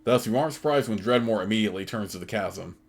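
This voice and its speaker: A man's voice: lowish voice, quick pace. A man hosting a let's play, reading the game's text aloud steadily with casual asides.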